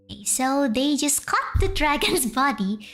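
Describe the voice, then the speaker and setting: A woman's voice: sits high, expressive, a little slow, a bit bright. A young woman with an Indonesian accent, whose first language is Indonesian, hesitantly retells a folk tale on stream in English, translating as she goes.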